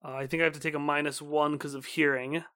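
Man player, bright clear voice, loose quick telling, dry sound. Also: on the high side, little pitch movement, dry recording. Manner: quick, loose storytelling with "uh" fillers. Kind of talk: casual game chat and narration.

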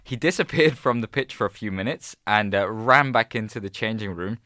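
Bright-voiced laid-back male podcast host. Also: fairly low pitch, lively intonation, a little fast, dry recording, studio quality. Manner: laid-back, chuckling storyteller. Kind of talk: casual chat, reading out stories.

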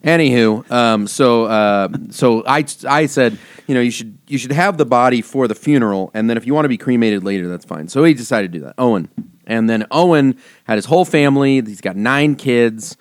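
Rambling priest telling stories, dry sound. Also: male voice, mid-range voice, no room sound. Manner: rambling, halting anecdotes with many fillers. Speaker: priest and podcast co-host. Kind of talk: casual podcast chat.

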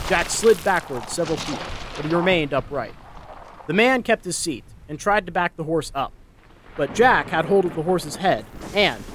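A man narrates a storybook in a dramatic, expressive voice that is fairly high and moves up and down in a lively way. Faint thunder and ambience sit behind the reading. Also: noisy background.

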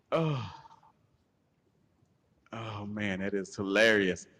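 Male co-host, husky, animated storyteller, slight reverb on the track. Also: on the low side, drawn-out words. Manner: animated, laughing, profane storyteller acting out quotes. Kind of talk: casual storytelling chat.

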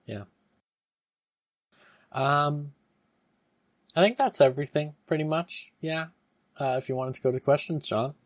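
A podcast co-host chatting casually, telling animated stories. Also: medium pitch, measured pace, pauses often, no room sound, clean studio sound. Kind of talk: casual chat.

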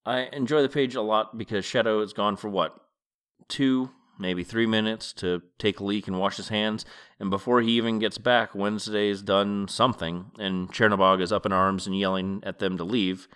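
Low-voiced man hosting a reading podcast. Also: normal speed, smooth. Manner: relaxed, chatty reflection. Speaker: podcast host and reader. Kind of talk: reading a novel aloud and commenting.

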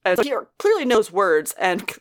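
A woman's voice: mid-range voice, sing-song, moderate pace. A woman co-hosting a podcast, giving a casual, laughing recap of a TV episode and swearing freely. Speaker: podcast co-host.

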